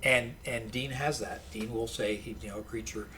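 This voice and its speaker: During a casual podcast interview, a male college professor recounts animated anecdotes, often starting his sentences over. His voice is medium-pitched at a moderate pace, with slight background noise.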